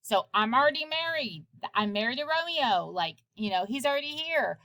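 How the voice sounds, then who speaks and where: A woman's voice: high-pitched, animated, normal speed, a bit bright, voice pushed up. A woman voicing a distraught young bride while retelling a play, pleading and breathless. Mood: desperate.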